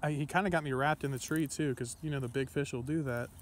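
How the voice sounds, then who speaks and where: A young man from Ohio narrating his fishing trip outdoors in an excitable, casual vlog manner, talking to viewers as he fishes. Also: mid-range voice, fast, slight background noise. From Ohio, USA. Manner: excitable, talks to himself and viewers, frequent exclamations. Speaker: fishing vlogger. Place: outdoors by a pond.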